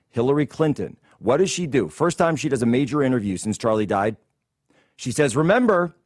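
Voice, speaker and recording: A man's voice: medium pitch, darkish tone, dry recording, clean studio sound. A man hosting a political commentary show, ranting in a combative, indignant way. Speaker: host.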